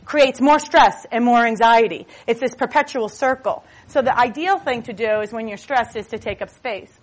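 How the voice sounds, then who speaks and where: A woman speaks from a stage as a motivational speaker, her voice sitting a touch high. She talks nonstop in a lively, storytelling way, dropping self-mocking jokes as she goes. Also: moderate pace. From Boston. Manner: jokey, self-mocking asides. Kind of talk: stage talk.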